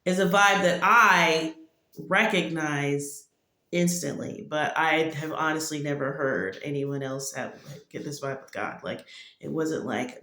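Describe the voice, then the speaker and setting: A woman with a low-pitched, sharp-toned voice speaks at a measured pace. She's giving a casual testimony that rambles and leans heavily on "like" as a filler, recorded in an echoey room.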